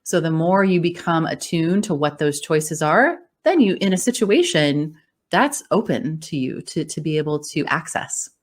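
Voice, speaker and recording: A woman speaking as a voice coach, her voice sitting a little low for a woman. She explains things in an encouraging, conversational way and laughs easily along the way. The tone stays friendly and instructive. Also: lively intonation, normal speed. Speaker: voice coach and speech-language pathologist. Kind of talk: conversational interview.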